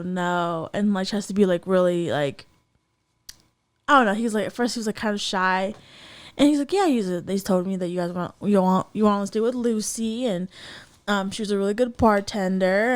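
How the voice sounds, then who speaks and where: A woman co-hosting a casual podcast chat, telling a story animatedly with lots of fillers and acted-out quotes. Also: mid-range voice. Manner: animated storytelling, acts out voices, many fillers. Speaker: podcast co-host.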